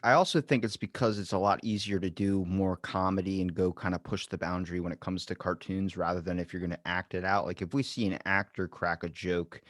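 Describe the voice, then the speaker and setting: Man, mid pitch, rambling storyteller, dry close mic. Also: steady tone, fairly quick, few pauses, no echo. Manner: rambling storyteller, acts out quotes. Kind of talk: casual podcast chat.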